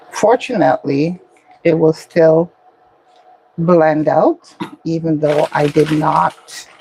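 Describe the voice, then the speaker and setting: A woman with a low, gravelly voice talks slowly through a recipe in her home kitchen. She explains each step in an easy, unhurried way, like a cooking-channel host chatting with viewers. A faint hiss sits under the recording. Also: darkish tone, low-quality recording. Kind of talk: casual cooking vlog.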